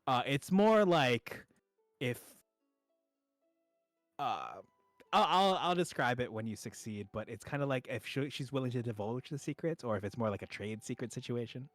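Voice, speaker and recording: A man's voice: mid-range voice, expressive, normal speed, no echo, faint music behind. A man running a tabletop game as game master, upbeat and full of fillers.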